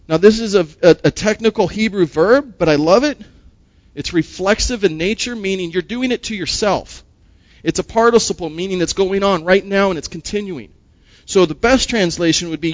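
A man's voice: high voice, lively intonation, moderate pace, dry recording, muffled recording. A man preaching a sermon as a pastor. He speaks emphatically, asks rhetorical questions and often repeats words.

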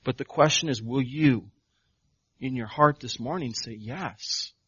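A man's voice: mid-range voice, unhurried, a bit bright, husky, dry recording, dull audio. A male pastor preaching a sermon, firing off rhetorical questions and building to emphatic proclamations.

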